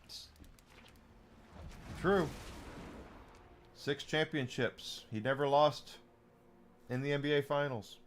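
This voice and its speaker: A man's voice: on the high side, takes it slowly, pauses often, slight background noise. A man live-streaming a game, chatting casually and rambling to his chat between plays. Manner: rambling, chatty, talks to chat while playing.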